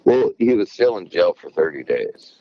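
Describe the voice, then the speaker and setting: A man's voice: low voice, big pitch swings, normal speed, no echo, dull audio. A man casually chatting as a podcast co-host, telling stories hesitantly with lots of fillers. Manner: hesitant, filler-heavy storytelling. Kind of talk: casual chat.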